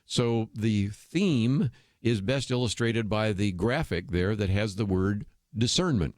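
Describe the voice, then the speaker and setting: A man with a low voice hosts a talk radio show, talking straight to listeners in an earnest, persuasive way. He often pauses on fillers and restarts his sentences. The sound is close and dry, with no room around it. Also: a little mellow, no room sound. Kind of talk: radio commentary monologue.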